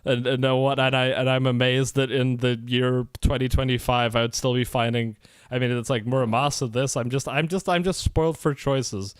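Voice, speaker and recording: A man co-hosting a casual podcast, gushing about manga, excitable, swearing often and laughing a lot. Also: medium pitch, moderate pace, clear, resonant tone, no echo. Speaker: podcast co-host.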